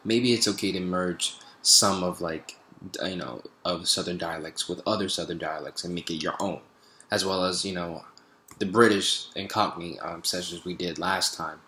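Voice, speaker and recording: Hesitant low-voiced man in an echoey room. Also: fairly even intonation, moderate pace, bright, forceful tone. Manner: hesitant, many fillers and restarts. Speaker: vlogger practicing accents. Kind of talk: reflective spoken video diary.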